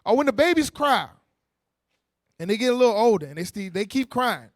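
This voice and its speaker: A man preaching a sermon in a lively, conversational way, using with slang, quick restarts and playful mocking asides. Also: very high-pitched, dry recording, studio quality. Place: church meeting hall.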